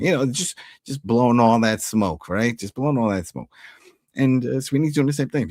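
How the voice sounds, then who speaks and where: A man's voice: medium pitch, fast talker, dry recording, clean studio sound. A man hosting a TV recap, talking casually and acting out the characters' lines as he goes. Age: adult who was once an altar boy. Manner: animated, acts out character lines in quotes. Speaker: TV recap host.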